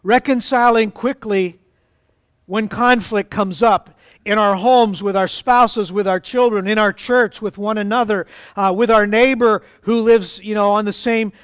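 A man's voice: sits high, fairly even intonation, a little slow, clear, resonant tone, dry recording, clean studio sound. A man preaching an earnest, emphatic sermon to his congregation as their pastor.

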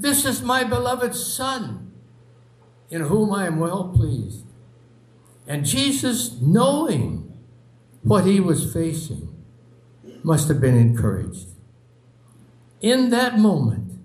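Slow, dramatic preacher in an echoey room. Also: male voice. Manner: dramatic, slow, with long pauses and sinking low phrases. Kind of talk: sermon.

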